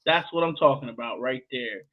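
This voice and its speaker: A man's voice: mid-range voice, a little fast, lo-fi sound, a loud crowd. A man hosting a livestream show, hyping up guests and telling stories in playful slangy casual chat.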